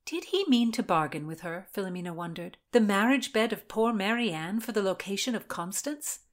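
A woman narrating a historical story in an even, measured way and explaining its background as a co-host. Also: mid-range voice.

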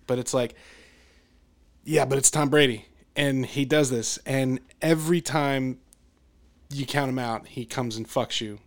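A man's voice: mid-range voice, measured pace. Male podcast host, casual and rambling, talking sports. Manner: rambling, trails off and restarts. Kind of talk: casual chat.

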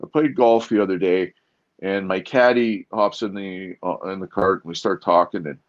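A man with a very low voice speaks candidly in an interview, earnest and halting, stumbling and restarting as he searches for words. The sound is a little muffled and lo-fi. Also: fairly even intonation. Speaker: podcast guest.

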